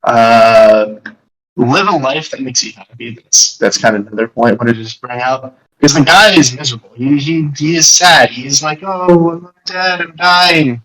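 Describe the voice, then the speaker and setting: A man's voice: mid-range voice, moderate pace, fairly bright tone, breathy edge, poor audio. A young man hosting a casual podcast, explaining an album in a rambling, jokey way with lots of restarts. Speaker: podcast host.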